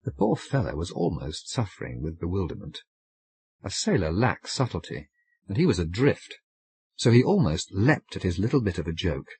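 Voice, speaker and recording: Husky low-voiced man reading a ghost story. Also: very animated, moderate pace, darkish tone. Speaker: audiobook reader. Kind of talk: audiobook narration.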